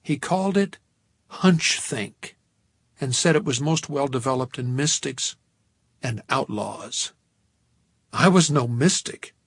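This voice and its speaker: A man narrating an audiobook in a wry, measured storytelling manner, recorded close to a studio microphone. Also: medium pitch, husky, no room sound.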